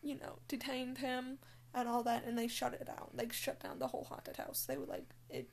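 A woman's voice: a little high, very animated, moderate pace, vocal fry. A young woman telling a story in casual chat, blunt and full of swearing and fillers. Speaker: scare actor.

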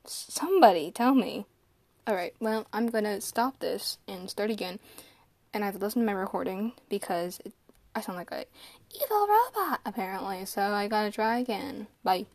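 A woman's voice: medium pitch, fairly quick, creaky, darkish tone, dry recording. Chatty flustered young woman hosting. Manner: chatty, easily flustered, laughs often. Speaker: podcast host. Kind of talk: casual chat. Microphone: phone speaker.

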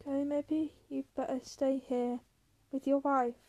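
A steady grown ranch man talks in a quiet, measured way in a storybook reading, as a woman reads him. Her voice is high and gentle with a soft tone.

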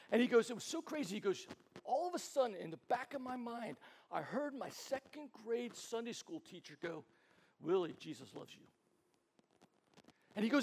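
A man's voice: high voice, expressive, brisk, vocal fry. A man preaching as a pastor in a casual, chatty way, telling stories and acting out quoted voices, often repeating words as he goes. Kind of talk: casual sermon storytelling.

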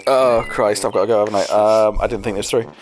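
A man's voice: lowish voice, steady tone, quick pace. A man playing a tabletop game, joking and explaining his character and the rules. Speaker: player. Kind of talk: tabletop game play, casual chat. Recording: music playing behind voices.

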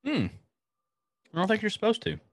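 A man's voice: sits high, lively intonation, moderate pace, gravelly. A man co-hosting a casual podcast chat, nitpicking small details of the show he is discussing. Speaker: podcast co-host.

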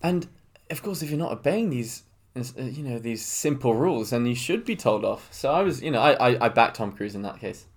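Young guy on a podcast, mid-pitched, chatty, laughs a lot. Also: expressive, brisk. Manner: chatty, laughs often, self-mocking. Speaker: podcast co-host. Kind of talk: casual chat.

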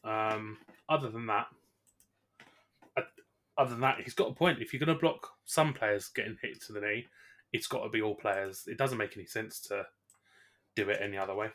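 A man's voice: fairly low pitch, fairly even intonation, normal speed, pauses often, fairly bright tone. A man co-hosting a casual sports podcast, joking and laughing often as he talks. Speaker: podcast co-host.

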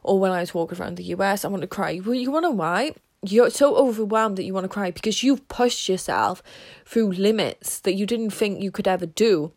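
A woman podcaster and consultant in casual motivational chat, bubbly and rambling, often dropping to a hushed whisper. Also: mid-range voice, expressive, fairly quick.

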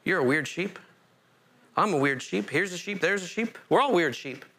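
Male pastor, sermon delivery, lively, frequent restarts, higher-pitched voice. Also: normal speed. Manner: animated, rising to emphatic peaks, with self-interrupting restarts.

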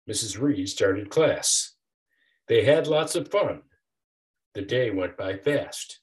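Older male author reading a children's rhyme aloud, unhurried, with a lively sing-song rise and fall. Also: on the low side. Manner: rhythmic rhyming delivery. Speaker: author reading his picture book. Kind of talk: storybook read-aloud.

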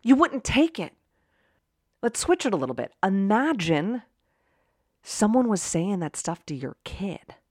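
A woman hosting a personal motivational talk, conversational, moving from quiet musing to loud, emphatic bursts. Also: medium pitch, very animated, measured pace, long pauses, dry recording, clean studio sound. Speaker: podcast host.

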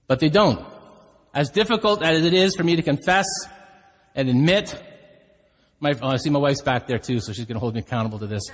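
Candid male pastor in a reverberant hall. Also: on the high side. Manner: storytelling, candid and self-deprecating. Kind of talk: sermon. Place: church hall.

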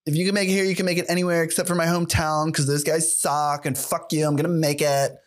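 A man putting on the voice of a brash, boastful New York transplant who talks fast and swears. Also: fairly high pitch, level tone, close to an everyday voice.

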